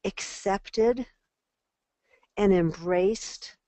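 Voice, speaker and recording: An older woman leads an online parenting class in a lively, animated way, slipping into little acted-out voices as she talks. Her voice sits at a middle pitch. The recording is close and dry, with no room sound. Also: very slow, dry recording. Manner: animated, acts out quoted voices. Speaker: parenting teacher.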